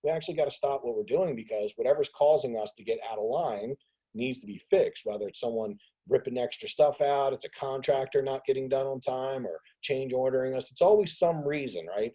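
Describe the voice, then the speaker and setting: A man hosting a business group call on a video call, talking casually in an animated rant. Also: mid-range voice, a little fast, husky, rough recording. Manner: animated ranting, acts out others' voices. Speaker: host of a business mastermind call.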